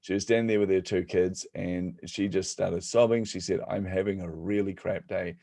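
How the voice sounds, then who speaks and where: A middle-aged man tells stories in a low, warm voice, joking and laughing as he goes. The sound is dry and close, with no room around it. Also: moderate pace, no echo. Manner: animated, jokey, laughs at own stories. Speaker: guest speaker. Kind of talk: storytelling in conversation.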